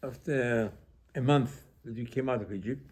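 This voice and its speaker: Male rabbi, conversational Torah teacher, warm mellow tone, halting phrasing. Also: medium pitch, husky. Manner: conversational, asks rhetorical questions. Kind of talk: informal Torah class.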